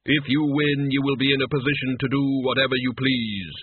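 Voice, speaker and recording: A man voicing Death, a towering skeletal male figure who speaks slowly and coldly with imperious formality. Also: mid-range voice, steady tone, husky, dry recording. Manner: slow, measured, imperious speech. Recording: tinny phone-like sound.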